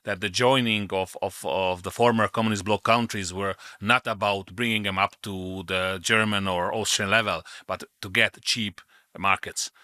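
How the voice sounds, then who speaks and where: Hungarian-accented man, bright and dry. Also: on the low side, steady tone, no room sound. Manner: measured, explains with hesitations. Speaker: co-host. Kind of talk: casual chat.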